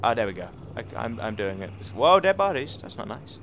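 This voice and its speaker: A man's voice: medium pitch, fairly quick. Chatty man commentating a video game. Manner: chatty, excitable outbursts, self-mocking. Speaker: let's play commentator. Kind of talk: casual gameplay commentary. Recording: game audio noise under the voice.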